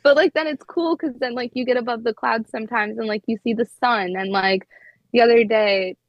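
On a casual podcast, a young woman in her twenties who works as a flight attendant tells chatty stories, saying "like" constantly. She speaks a little fast at a fairly high pitch; the sound is dry and lo-fi.

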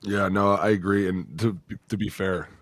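Excitable man telling football stories. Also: low-pitched, normal speed, dry recording. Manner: excitable, laughing, profane storytelling. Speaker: podcast co-host, former NFL lineman. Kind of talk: casual sports chat. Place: podcast studio.

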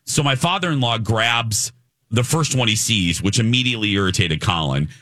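Guy rambling thru a travel story, fillers everywhere, bright forceful voice, dry sound. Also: lowish voice, moderate pace, no echo. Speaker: radio show host. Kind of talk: casual storytelling chat.

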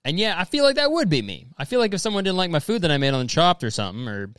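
Fast and full of big pitch swings, a young man reads messages aloud and riffs on them comedically, swearing, rambling, and saying "dude" constantly while mocking people in exaggerated voices. His tone is clean and a bit bright, recorded dry and close with no echo or room.

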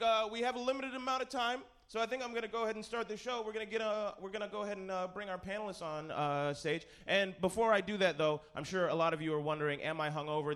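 Man, comedy host, slightly high voice, dry sarcastic patter on a live stage mic. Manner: deadpan, sarcastic, halting with fillers. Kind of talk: stand-up hosting a comedy panel. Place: live stage before an audience.

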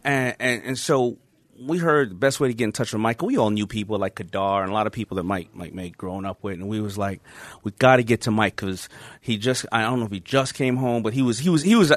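A man telling stories as a podcast guest, lively and laughing, with casual swearing. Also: medium pitch, no echo. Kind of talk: animated storytelling.

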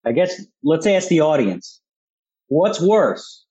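A guest author on a talk radio show, this man has a Philadelphia accent and a warm, sing-song, fairly high voice at a slow pace. He argues in punchy, combative bursts loaded with rhetorical questions, over dull audio.

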